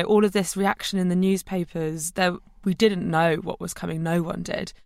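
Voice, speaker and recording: Man explaining earnestly, highish flat voice, dry close sound. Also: gravelly, dry recording. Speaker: guest commentator. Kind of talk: interview commentary.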